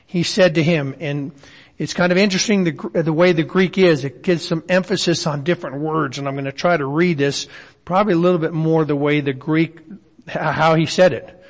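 A man's voice: fairly high pitch, fairly even intonation, brisk, big-room sound. A man teaching a Bible study in a conversational way, often asking his listeners questions.

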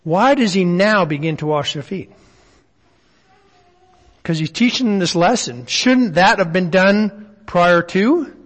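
A man's voice: sits high, expressive, slow pace, long pauses, long reverb tail. A man teaching a Bible study in a conversational way, often asking his listeners questions.

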